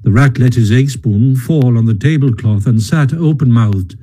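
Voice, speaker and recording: Mellow, husky male storyteller. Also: mid-range voice, rough recording. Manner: measured storytelling, occasional stumbles. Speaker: narrator. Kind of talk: audiobook narration.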